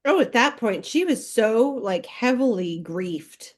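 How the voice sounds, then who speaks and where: A woman co-hosting a podcast in casual book chat, playful and quick with jokey asides. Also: fairly high pitch, lively intonation. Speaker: podcast co-host.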